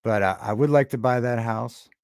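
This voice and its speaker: A man chats loosely on his own livestream. He starts sentences over and drifts between topics. His voice sits at a middle pitch and sounds close and dry, with no room around it. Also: clear, resonant tone, no room sound. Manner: rambling, halting, with many restarts and chat shout-outs. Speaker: livestream host. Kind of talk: casual livestream chat with viewers.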